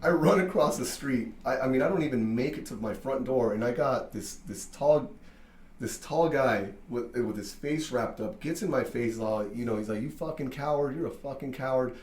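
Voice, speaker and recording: A man who owns a barbershop telling a story in casual chat, animated, full of fillers and swearing. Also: mid-range voice, moderate pace, echoey room. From Mexican-American from Southern California. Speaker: barbershop owner.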